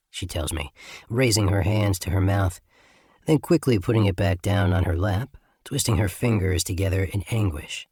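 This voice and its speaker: A man narrates a first-person audiobook in an even, slightly sardonic way. His voice is low and husky. The recording is dry and close. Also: normal speed, no echo.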